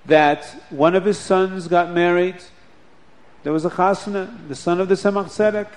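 A man telling a religious story to children in an animated, expressive way. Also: high voice, moderate pace.

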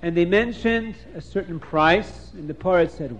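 A man's voice: high voice, unhurried, few pauses. A man telling a folk tale aloud in a homely, rambling way with fillers. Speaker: storyteller. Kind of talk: oral storytelling. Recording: dull lo-fi recording.

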